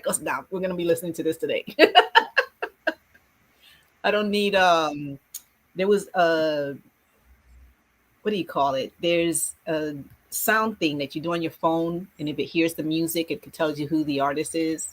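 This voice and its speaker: A woman's voice: fairly low pitch, rough recording. A middle-aged woman, a schoolteacher, chatting casually and acting out classroom scenes as she tells them. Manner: animated storyteller, acts out classroom scenes with quick voices. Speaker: guest, schoolteacher. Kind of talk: casual video chat.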